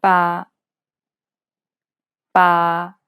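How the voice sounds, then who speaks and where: A woman modeling single syllables for learners, speaking deliberately. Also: lowish voice, completely flat delivery, fairly bright tone, smooth, no room sound. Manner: deliberate, measured. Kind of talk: slow drilled syllables.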